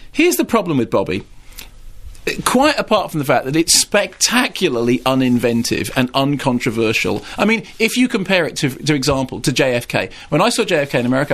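A man reviewing films on a radio show, talking in an animated, emphatic, opinionated way and often repeating words. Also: fairly high pitch. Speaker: film critic. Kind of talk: radio film review chat. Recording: radio studio.

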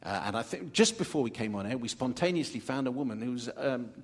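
Animated male radio presenter. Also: medium pitch, a little fast. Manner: animated, reads listener emails aloud with theatrical emphasis. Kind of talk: lively live radio chat before an audience. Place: stage before a live audience.

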